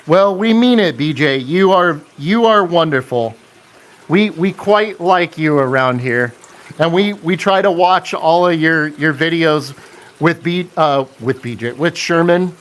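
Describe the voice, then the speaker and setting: Male live-stream host, slightly higher voice, unhurried, chatty with viewers. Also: expressive, a bit bright. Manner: chatty, reads and answers viewer comments, laughs often. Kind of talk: casual live stream chat.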